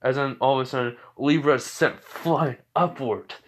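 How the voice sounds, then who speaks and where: A man's voice: mid-range voice, steady tone, moderate pace, a little hiss or hum. Male narrator, casual fan-story recap, rambling with fillers and self-corrections.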